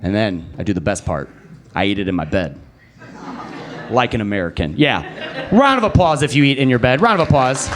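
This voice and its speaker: A young man works a club crowd in a stand-up set. He tells his story at an easy pace, then jumps his voice high and loud whenever he plays someone else in it. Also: a little fast, pauses often. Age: young adult. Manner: animated storyteller who jumps high to act out other people. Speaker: stand-up comedian. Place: comedy club stage. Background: live audience.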